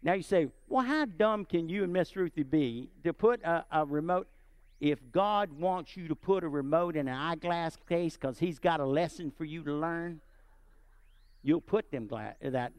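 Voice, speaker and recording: A man preaching and telling a personal story, animated and often checking in with his listeners. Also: a little high, dry recording. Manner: animated, asks the audience often. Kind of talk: sermon storytelling.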